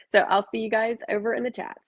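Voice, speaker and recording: A woman's voice: fairly high pitch, level tone, a little fast, dry recording. A chatty woman with a Southern US accent, hosting a casual stock trading stream and laughing easily. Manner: chatty, laughing, self-deprecating. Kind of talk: casual chat.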